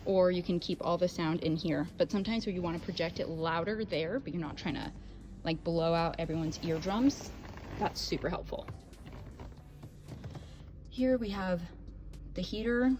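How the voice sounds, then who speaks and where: A woman's voice: lowish voice, moderate pace, pauses often, a little mellow, a little hiss or hum. Chatty woman vlogger, slightly breathless. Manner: chatty, filler-heavy, self-correcting. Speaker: vlogger giving a boat tour. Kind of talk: casual walkthrough. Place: on a boat.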